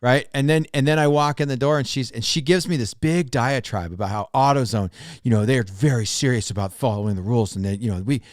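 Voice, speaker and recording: A man co-hosting a podcast as a pastor, telling a long story in casual chat with many restarts and animated retellings. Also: mid-range voice, fast, dry recording, studio quality. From Oregon, United States.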